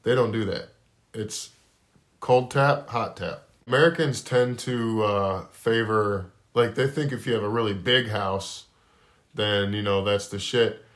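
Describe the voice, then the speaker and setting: A low-pitched man talking easily in a garage podcast, unhurried and offhand. He drifts through his points with a drawl and the odd curse. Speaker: podcast co-host. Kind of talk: casual chat.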